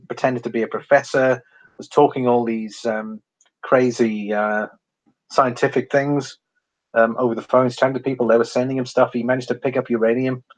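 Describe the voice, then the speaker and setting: An English man with a mid-range voice hosts a precious metals livestream over poor audio. He rambles casually with many ums, chuckles often, and reads out viewer comments.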